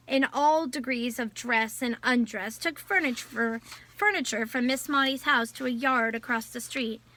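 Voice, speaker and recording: A woman reading a novel aloud in a measured storytelling voice. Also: a little high, bright, forceful tone, no room sound. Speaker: audiobook narrator. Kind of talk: scripted novel narration.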